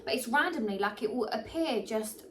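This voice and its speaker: A young pregnant woman, chatting casually to camera, animated and full of fillers, a little short of breath. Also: a little high, normal speed, far from the mic, a little hiss or hum. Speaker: vlogger.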